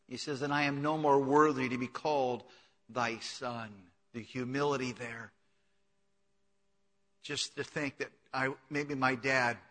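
A man preaching a sermon in a church, swinging from hushed to loud, urgent pleading with much repetition. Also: mid-range voice, big-room sound. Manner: impassioned, repetitive exhortation. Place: church sanctuary.

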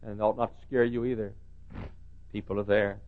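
A man preaching a revival sermon, dropping to quiet storytelling and then climbing to high, shouted cries. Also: level tone, fairly quick, phone-quality sound.

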